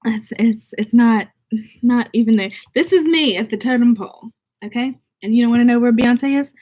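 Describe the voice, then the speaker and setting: A woman's voice: a little high, moderate pace, a little mellow. A young woman from the southern United States without a Southern accent, chatting casually and bubbly on a livestream as she reads viewer comments. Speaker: vlogger.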